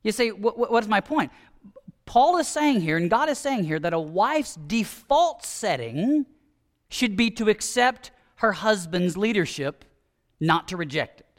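A male pastor preaching a sermon, emphatic and animated, at times dropping to soft, hushed asides. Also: high-pitched, unhurried.

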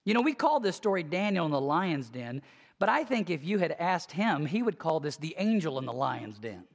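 Preacher, mid-range voice, punchy sermon delivery that drops to a hush; church with long reverb. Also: medium pitch, moderate pace. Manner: conversational, emphatic, with sudden swings from lively to hushed.

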